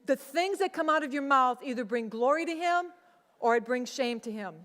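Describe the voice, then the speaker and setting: Woman pastor, casual sermon, higher voice, long hall reverb. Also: lively intonation, moderate pace, fairly bright tone. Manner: conversational, acts out quoted voices.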